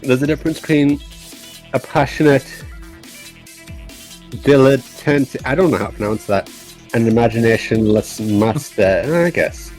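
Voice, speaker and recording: A man, a game developer and amateur voice actor, chatting casually on a stream, animated and self-deprecating, laughing often. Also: mid-range voice, measured pace, pauses often, soft background music.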